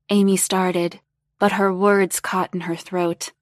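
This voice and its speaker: A woman reading a story aloud as narrator in a slow, even, unhurried way. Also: mid-range voice, no echo, clean studio sound.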